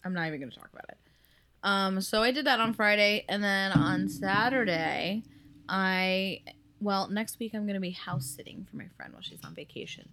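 A woman's voice: mid-range voice, moderate pace, a bit bright, a little hiss or hum. A woman co-hosting a podcast in casual chat, talkative and giggly, filling her sentences with "like". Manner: chatty, giggly, lots of "like". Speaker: podcast co-host.

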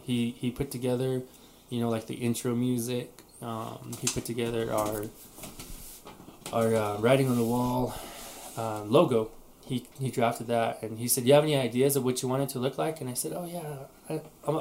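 A man's voice: medium pitch, fairly even intonation, normal speed, a little mellow, a little hiss or hum. A man co-hosting a casual podcast, talking in a rambling way with many restarts. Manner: rambling, frequent restarts and fillers. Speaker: podcast co-host. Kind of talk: casual chat.

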